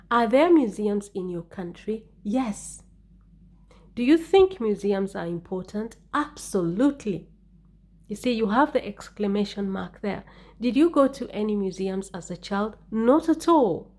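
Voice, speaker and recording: A woman teaching an English speaking-test lesson in a clear, deliberate way, stressing key words with rising intonation. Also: mid-range voice, darkish tone. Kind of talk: exam-prep lesson.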